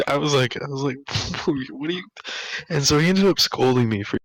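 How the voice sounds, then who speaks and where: A man's voice: medium pitch, moderate pace, no echo, poor audio. A young man co-hosting a podcast, telling school stories in a rambling way, laughing often and filling his talk with "like". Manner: rambling, laughing, full of "like" fillers. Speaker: podcast co-host. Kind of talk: casual storytelling chat.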